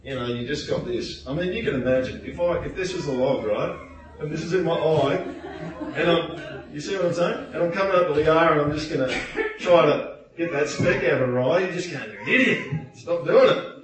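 A man preaching a sermon in a church, animated and playful, acting out quotes in put-on voices. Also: a little high, a little fast, a crowd in the background. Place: church hall. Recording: echoey hall, distant mic.

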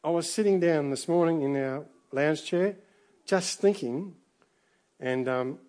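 A middle-aged man preaching a sermon in a relaxed, conversational way, full of restarts and asides. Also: on the high side, measured pace. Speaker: pastor.

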